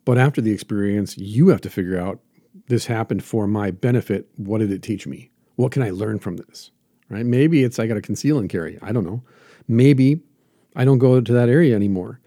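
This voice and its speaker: A man's voice: lowish voice, brisk, warm tone, no room sound, clean studio sound. A man hosting a reflective motivational monologue as a jiu-jitsu teacher, earnest and emphatic with lots of repetition.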